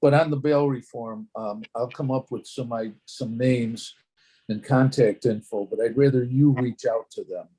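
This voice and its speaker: A man's voice: mid-range voice, fairly even intonation, normal speed, warm tone, slightly rough, rough recording. A man who is a state assemblyman, chatting in a friendly, easygoing way on a video call. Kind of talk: casual interview chat.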